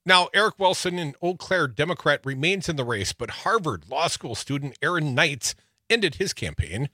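A man's voice: a little high, sing-song, normal speed, pushed and bright, dry recording, clean studio sound. A man from Wisconsin co-hosting a political talk radio show, running through the news with wry, teasing asides.

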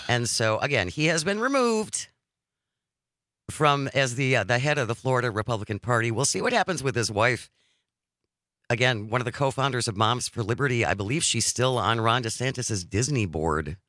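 A man's voice: medium pitch, lively intonation, normal speed, bright, forceful tone, dry recording. A man hosting a live political talk radio show from a studio, reading listener texts and news in a wry, conversational way. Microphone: studio microphone.

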